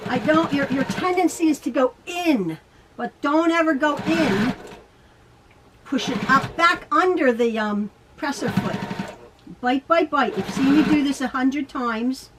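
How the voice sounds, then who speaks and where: A middle-aged woman with a high voice teaches quilting from her home sewing room. She rambles, talks to herself and laughs as she sews. A sewing machine runs clearly behind her. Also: a little slow, noisy background. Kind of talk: chatty home sewing tutorial.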